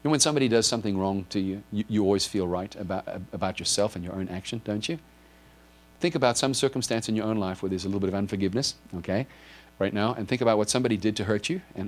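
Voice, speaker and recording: A man's voice: lowish voice, fast. A man preaching a sermon to a congregation, earnestly explaining and asking his listeners direct questions. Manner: explains with a drawn board, asks if listeners follow. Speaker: pastor.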